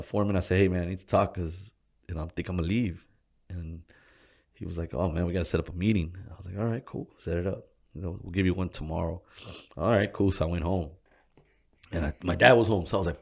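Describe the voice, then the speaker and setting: A young man telling his life story in a casual interview, swearing freely and acting out the people he quotes. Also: brisk. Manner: swears constantly, acts out quoted people with a raised voice; laughs while telling, drops to a low murmur when reflective.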